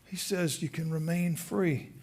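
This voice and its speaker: A man with a Southern American accent preaching a sermon in a church, animated, acting out the crowd's indignant replies. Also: a little high, measured pace. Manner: animated, acts out voices of the crowd. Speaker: pastor. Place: church sanctuary.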